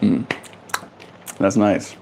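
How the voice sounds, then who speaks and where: Drawing out his words in a warm tone, this male livestreamer goofs around from home. He keeps the chat casual and silly, reading out viewers' comments and responding to them.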